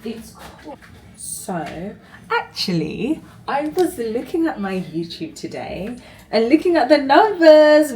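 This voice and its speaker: A woman's voice: medium pitch, very animated, measured pace, warm tone, poor audio. A woman chatting casually to her vlog camera, rambling through asides and laughing easily. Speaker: vlogger.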